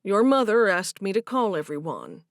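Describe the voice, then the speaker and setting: A woman voicing a calm grown man who delivers bad news slowly and steadily in an audiobook. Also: medium pitch, dry recording, clean studio sound. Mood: somber. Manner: slow, steady, subdued. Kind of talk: audiobook character voice.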